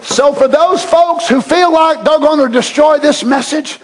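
A man preaching a sermon, swinging from shouted proclamations to hushed, drawn-out asides. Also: very high-pitched.

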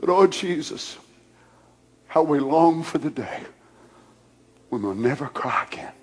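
A man preaching a sermon, praying aloud in hushed, near-whispered passages that build to loud, shouted fervor. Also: mid-range voice, lively intonation, a little slow, slightly rough.

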